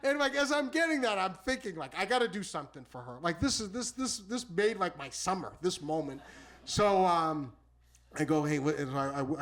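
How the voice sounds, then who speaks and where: A man telling a funny personal story live on a small theater stage, rambling and animated, repeating words and restarting his sentences. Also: high voice, a little fast. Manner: animated, exclamatory delivery.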